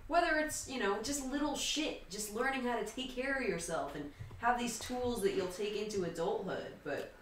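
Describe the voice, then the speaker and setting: A woman's voice: fairly high pitch, lively intonation, normal speed, roomy sound, slight background noise, low-quality recording. A woman co-hosting a radio show, chatting in a casual, agreeable and matter-of-fact way. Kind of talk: casual chat.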